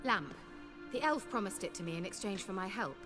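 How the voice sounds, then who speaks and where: An actress voicing a self-assured sorceress who speaks in a measured, courteous way. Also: female voice, mid-range voice, expressive, natural voice. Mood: determined. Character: sly sorceress woman, poised and self-assured. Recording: game audio with loud music.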